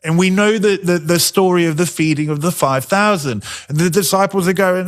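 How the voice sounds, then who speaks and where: A man with a high voice teaches a sermon conversationally. He poses rhetorical questions and slows down to stress his points.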